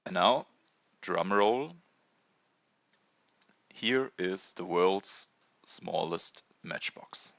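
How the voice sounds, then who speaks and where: A man in his thirties from Germany with a German accent, hesitantly presenting a casual toy review with many pauses and fillers. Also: low voice, creaky, fairly bright tone, no room sound, lo-fi sound. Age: 30s. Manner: hesitant, many ums and uhs.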